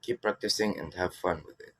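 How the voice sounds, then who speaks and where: A man's voice: low-pitched, a little fast, fairly bright tone, rough recording. A man reading out a language lesson from a script, with small slips and restarts. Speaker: teacher. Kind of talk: read-aloud lesson.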